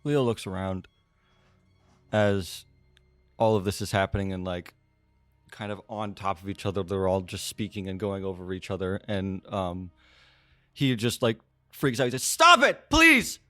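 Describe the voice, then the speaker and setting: Slow-talking man narrating his character. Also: deep voice, no room sound, faint music behind. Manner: relaxed, describing with fillers. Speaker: player. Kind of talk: in-character narration in a tabletop game.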